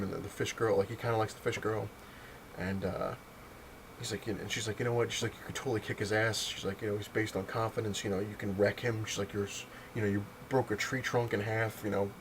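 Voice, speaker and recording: Man, low voice, rambling casual comic review with a lot of fillers; faint hiss in the recording. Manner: rambling, lots of fillers and retold dialogue. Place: home, on a couch.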